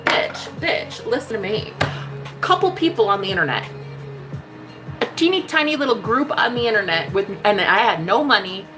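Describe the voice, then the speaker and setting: Her voice sits fairly high as she delivers a heated spiritual love reading, emphatic and sassy, swearing repeatedly and calling the listener "honey." The low-quality recording has music in the background.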